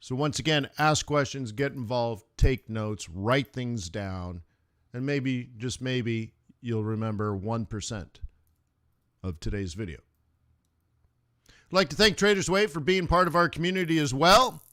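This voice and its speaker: A man's voice: mid-range voice, a little slow, a bit bright, dry recording, clean studio sound. Man, trading stream host, casual, playful, slangy asides. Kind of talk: casual livestream talk.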